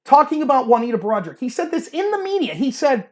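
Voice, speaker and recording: A man's voice: very high voice, sing-song, fast, few pauses. A man hosting a livestream, delivering an argumentative political commentary monologue and acting out mocking voices for the people he quotes. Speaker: livestream host.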